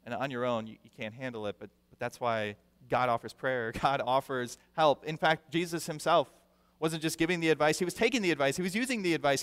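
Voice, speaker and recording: A male pastor preaching a sermon with animated delivery, acting out the people he quotes and repeating words for emphasis. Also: medium pitch, fairly quick. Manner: animated, acts out quoted voices; repeats words when stressing a point. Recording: long reverb of a large hall.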